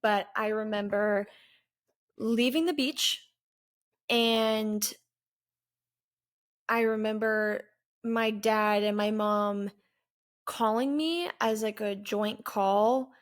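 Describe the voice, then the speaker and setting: A woman in her twenties, a vlogger, candidly recounting a personal story in an earnest, halting way with pauses. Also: medium pitch, steady tone. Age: 20s.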